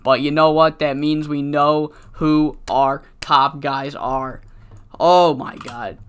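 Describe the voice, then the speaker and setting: A man's voice: fairly high pitch, fairly even intonation, slow, clean tone. A man commentating on his game in a rambling, profane casual style, his voice cracking from being sick. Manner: rambling, profane, many fillers. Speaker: let's-play commentator.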